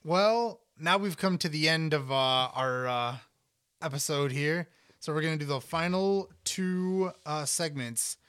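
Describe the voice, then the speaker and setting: A young adult man hosting a podcast, talking in a relaxed, joking, casual way. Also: on the high side, measured pace, smooth, no room sound, clean studio sound. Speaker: podcast host. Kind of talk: casual chat.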